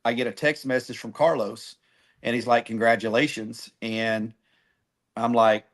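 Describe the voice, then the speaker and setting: Middle-aged man, podcast guest, casual animated storyteller, average pitch. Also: a little slow. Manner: animated, acts out phone calls. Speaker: guest, barbecue team cook.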